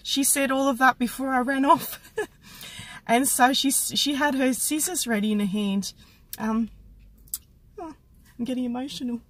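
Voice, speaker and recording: A woman psychic medium telling a personal story to camera, reflective and halting, with many restarts. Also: sits high, slight background noise, poor audio.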